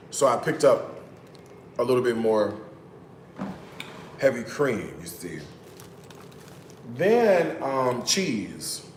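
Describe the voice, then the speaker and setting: A man's voice: mid-range voice, reverberant, slight background noise. Chatty man live-streaming from his kitchen. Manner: chatty, teasing asides to viewers. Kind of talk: casual live-stream chat. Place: home kitchen.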